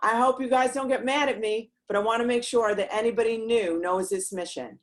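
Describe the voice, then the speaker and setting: A woman's voice: on the high side, fairly even intonation, fairly quick. A woman hosting a live-streamed motivational talk for a women's group, earnest and rambling, who reads viewer comments aloud and presses her points with rhetorical questions.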